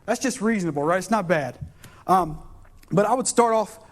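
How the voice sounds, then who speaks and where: A man's voice: high voice, animated, moderate pace. A young man preaching a sermon in a casual, storytelling way, in a church. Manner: casual, storytelling, conversational preaching with frequent restarts. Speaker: pastor. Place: church sanctuary.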